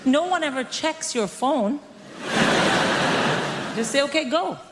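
A woman in her forties doing a stand-up comedy set, brash and animated, acting out the people she quotes. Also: high-pitched, takes it slowly. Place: comedy stage before a live audience. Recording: stage mic in a reverberant hall with audience noise.

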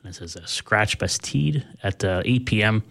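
Deep voiced guy hosting radio, laid back, keeps stumbling with uh's. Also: animated, vocal fry, fairly bright tone. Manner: halting, with many filler sounds. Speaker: radio host. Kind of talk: casual radio presenting.

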